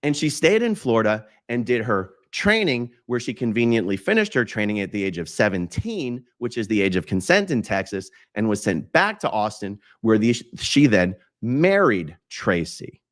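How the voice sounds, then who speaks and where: A man's voice: on the low side, very animated, normal speed, few pauses. A man narrating in a wry, sarcastic commentary.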